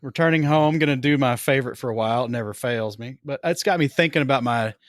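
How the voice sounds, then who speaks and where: A man's voice: medium pitch, fast talker, dry recording. Laid-back dry-humored male podcast host. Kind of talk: casual hobby podcast chat.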